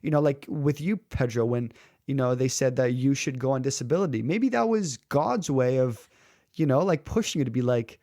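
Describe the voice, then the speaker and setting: A public speaking coach tells stories in a conversational interview, lively and acting out the characters he quotes, with frequent filler words and restarts. His mid-range male voice moves fairly quickly, and the sound is dry with no room sound.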